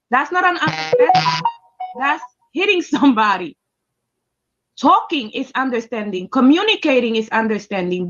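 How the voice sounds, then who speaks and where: A woman's voice: sits high, fairly bright tone, muffled recording. A woman telling a personal story in a casual, emphatic and heated way, with heavy swearing. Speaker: storyteller recounting a personal experience.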